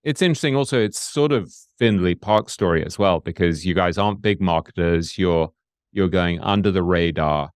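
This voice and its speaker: A man hosting a podcast interview who asks measured, reflective questions. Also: low-pitched, smooth, no room sound, studio quality. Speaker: podcast host.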